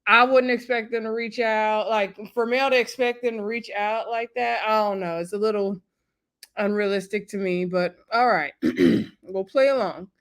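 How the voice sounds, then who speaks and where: A woman's voice: medium pitch, moderate pace. A woman, chatting casually and rambling as she recaps a reality show, acting out what the cast said. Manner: chatty and rambling, acts out quotes.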